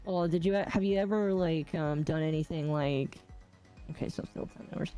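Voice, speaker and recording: A woman's voice: sits low, moderate pace, mellow, clear, resonant tone, soft background music. A woman hosting a game stream, chatting casually and teasing her guests with frequent giggles. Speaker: streamer host. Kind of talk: casual chat while gaming.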